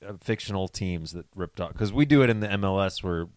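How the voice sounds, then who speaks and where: A man's voice: low-pitched, expressive, fairly quick, dry recording. A man co-hosting a podcast in casual chat, rambling and searching for words with a joking edge. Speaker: podcast co-host.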